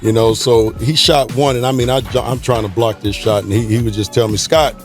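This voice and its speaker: A former player telling a lively anecdote about an old game, quoting what was said on court. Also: male voice, medium pitch, a little fast, soft background music. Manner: animated storyteller, quotes others. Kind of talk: anecdote in a talk show.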